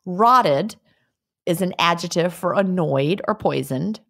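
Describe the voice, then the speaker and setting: A woman's voice: lowish voice, lively intonation, takes it slowly, vocal fry, fairly bright tone. A middle-aged woman co-hosting a podcast, chatting casually, laughing and trying out regional phrases from listener letters. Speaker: podcast co-host. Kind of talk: casual chat, reading listener mail. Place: lives in a beach resort town.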